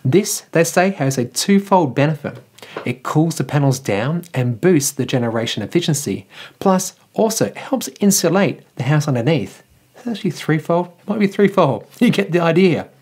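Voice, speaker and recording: A man's voice: on the high side, lively intonation, normal speed, darkish tone, breathy edge. An Australian man hosting a casual electric vehicle news vlog, chatty and jokey with enthusiastic asides.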